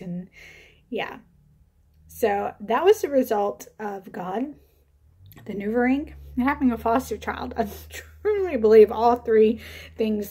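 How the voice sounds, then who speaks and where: A woman's voice: mid-range voice, a little mellow. Chatty young woman vlogging. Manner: chatty, many fillers and laughs, rambling. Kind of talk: casual storytelling to camera.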